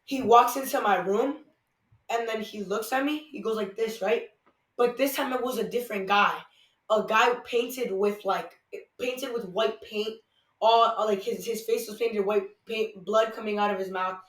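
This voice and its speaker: A man's voice: high-pitched, normal speed, fairly bright tone. A man hosting a casual podcast, telling a story in a rambling way with lots of "like" and restarts. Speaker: podcast host. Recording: echoey room, far from the mic.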